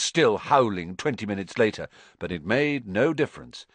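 A man narrating an audiobook with expressive storytelling. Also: lowish voice, normal speed, no room sound. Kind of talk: scripted narration.

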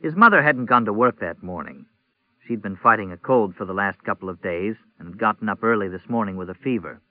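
A man narrating a novel in an even, measured reading. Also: on the low side, dry recording. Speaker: audiobook narrator. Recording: tinny phone-like audio, dry.

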